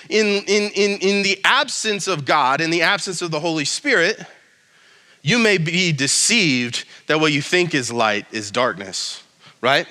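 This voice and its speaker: A man's voice: fairly high pitch, bright, forceful tone, big-room sound. A male pastor giving a casual, joking sermon with many restarts and reading scripture aloud.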